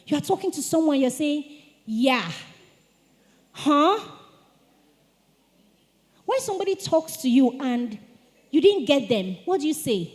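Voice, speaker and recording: A woman giving a lively etiquette talk to teenagers at a church retreat, calling on the audience to answer. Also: high voice, a little slow, long pauses. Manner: animated, asks the audience to respond. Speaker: speaker at a teen church retreat. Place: church hall. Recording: long hall reverb.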